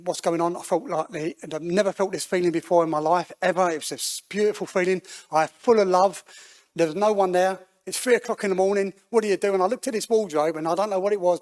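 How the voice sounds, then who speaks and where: A man's voice: fairly high pitch, a little mellow. Man telling his story. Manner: conversational, halting restarts, acts out quoted voices. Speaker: guest speaker telling his life story. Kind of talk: personal testimony in church. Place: church hall.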